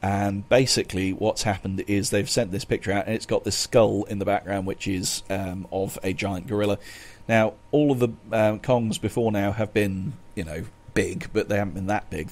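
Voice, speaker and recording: A man hosting a casual podcast chat, rambling along with many fillers. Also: lowish voice. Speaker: podcast host.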